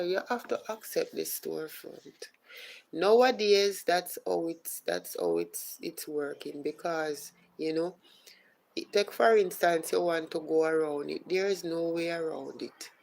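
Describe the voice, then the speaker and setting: A Jamaican woman hosts a live stream, walking through each step slowly. Her voice sits low and has a gravelly edge. A faint hiss runs underneath. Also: a little mellow, rough recording. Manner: unhurried explaining, greets viewers by name. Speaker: podcast host. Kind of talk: casual live-stream chat.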